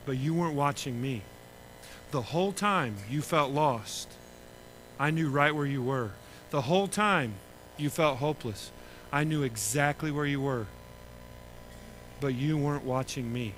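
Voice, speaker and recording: A man with a Texan accent telling a lively story to children at a camp gathering, acting out the voices of the people in it. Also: a little high, measured pace, pauses often, a little hiss or hum, low-quality recording. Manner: animated, acts out voices in his story. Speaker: camp speaker.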